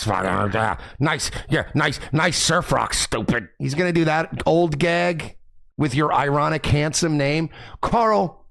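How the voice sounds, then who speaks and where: A man's voice: fairly high pitch, measured pace, gravelly, fairly bright tone. A man hosting a podcast, ranting crudely and mockingly as he comments on clips. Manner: profane, mocking, rambling rant. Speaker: podcast host.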